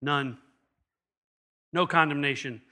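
A middle-aged man, a pastor, preaching a sermon with animated storytelling and acted-out quotes. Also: on the high side, slow.

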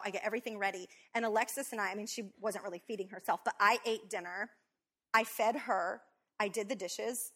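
A woman co-hosting a talk show with her husband, telling a personal story in a lively, quick way with many fillers. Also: fairly high pitch. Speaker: co-host, wife. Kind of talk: storytelling in casual chat.

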